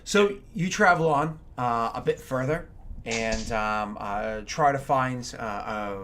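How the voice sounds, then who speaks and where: A man's voice: medium pitch, slow pace, a bit bright, a little hiss or hum. A man running a tabletop game as game master, narrating in an easygoing, meandering way.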